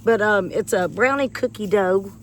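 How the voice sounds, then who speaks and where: At a normal pace and medium pitch, a vlogger chats with her viewers as she pulls weeds in a yard by the porch. She's folksy and rambling and has a slight cough from a chest infection, and the recording has a little hiss or hum.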